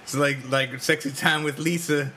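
A man's voice: a little high, fairly even intonation, sharp tone, slight background noise. A man co-hosting a casual podcast chat, joking and laughing as he talks. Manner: joking, quick laughs, puts on voices. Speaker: podcast co-host.

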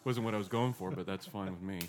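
Deep-voiced joking podcast host. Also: male voice, fast, a little hiss or hum. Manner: joking, teasing interjections. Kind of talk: casual chat.

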